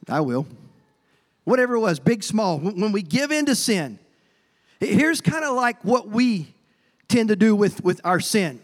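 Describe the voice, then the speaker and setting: A male pastor preaching a folksy sermon, stumbling over repeated words and acting out quotes. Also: high voice. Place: church sanctuary. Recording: long hall reverb.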